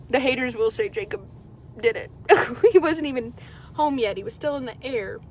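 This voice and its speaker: A woman vlogger chatting casually from her car, telling a story in an animated way and swearing often. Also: a little high, moderate pace. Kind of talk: casual chat. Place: car while driving. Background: vehicle noise.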